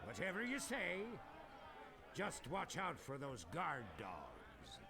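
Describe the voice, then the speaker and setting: A drawling, gravelly pirate barfly. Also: male voice, on the high side, huge pitch swings, slow, exaggerated voice. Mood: chatty. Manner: drawling, mocking. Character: laid-back male pirate barfly, teasing. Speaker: game character.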